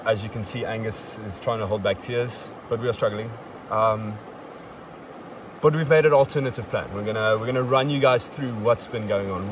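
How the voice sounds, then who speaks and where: Young guy hosting outside, jokey and upbeat, mic kinda far off, cars rumbling behind. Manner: upbeat, playfully boastful storyteller. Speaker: podcast host. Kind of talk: casual recap chat. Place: outdoors on a river trip. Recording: distant mic, outdoor traffic noise.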